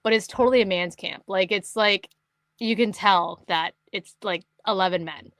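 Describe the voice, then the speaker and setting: Lively storytelling woman, dry close mic. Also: mid-range voice, normal speed, no echo. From Canada. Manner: animated storyteller, acts out quotes, laughs often. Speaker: podcast co-host. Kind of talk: casual chat.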